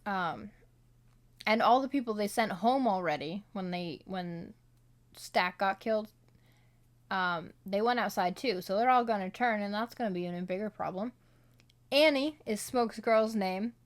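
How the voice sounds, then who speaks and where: A woman's voice: mid-range voice, measured pace. Chatty woman reading her notes aloud. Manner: rambling, chatty, many fillers and asides; slips into playful accents when quoting. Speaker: solo vlogger reviewing a film. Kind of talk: casual commentary read from notes.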